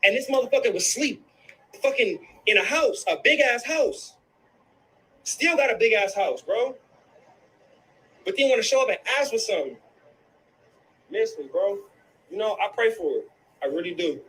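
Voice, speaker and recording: A man's voice: high voice, lively intonation, moderate pace, long pauses, fairly bright tone, slight background noise, low-quality recording. A man in a heated, profane rant, angry and repeating himself, tossing in "bro" again and again. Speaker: guest in a livestream clip.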